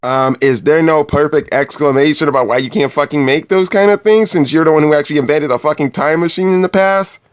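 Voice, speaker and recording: A man's voice: fairly high pitch, fairly quick, hardly any pauses, clean tone. A man reviewing a cartoon episode, crude and exasperated, swearing often. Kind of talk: profane commentary over clips.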